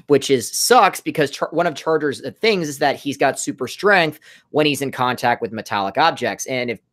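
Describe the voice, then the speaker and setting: A man, a comic book creator, chatting casually on a livestream and rambling animatedly about his book. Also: mid-range voice. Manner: rambling, animated, self-correcting.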